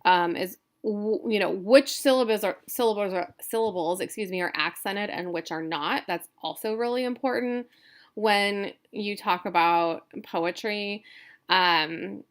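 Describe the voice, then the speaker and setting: A woman teaching a recorded class in a slow, unhurried voice. She stops and restarts often, filling the gaps with ums and correcting herself. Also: on the low side, a bit bright, clean tone. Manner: halting, many fillers and self-corrections. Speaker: instructor. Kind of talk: recorded lecture.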